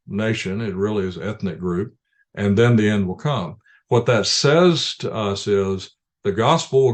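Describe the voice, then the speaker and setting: An earnest man with a somewhat low voice answers interview questions at length. He explains patiently, often restarting his sentences as he builds his point. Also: darkish tone. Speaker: ministry leader, interview guest.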